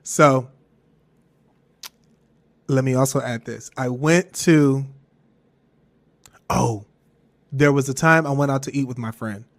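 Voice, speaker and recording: A man with a somewhat high-pitched voice tells a personal story as a podcast monologue. He rambles candidly and animatedly, doubling back on himself and swearing freely. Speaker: podcast host.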